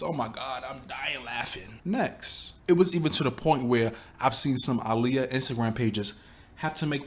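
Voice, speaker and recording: Guy ranting to his viewers, fed up, keeps asking "y'all see that?", mid-pitched. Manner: exasperated, rhetorical, addresses viewers directly. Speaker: YouTube commentator. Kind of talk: reaction commentary.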